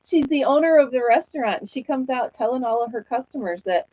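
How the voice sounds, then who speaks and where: A woman's voice: high voice, expressive, fairly quick, a little mellow, no echo. Chatty woman host, dull dry sound. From New York State. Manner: chatty, laughs often, reads viewer comments aloud. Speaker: livestream host chatting with viewers. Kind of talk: casual chat.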